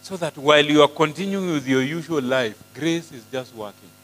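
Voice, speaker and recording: A man preaching a sermon, mixing English and Swahili, animated and often asking the congregation questions. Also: a little high, fairly quick. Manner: switches between English and Swahili, animated, asks the crowd questions. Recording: hall with long reverb and mains hum.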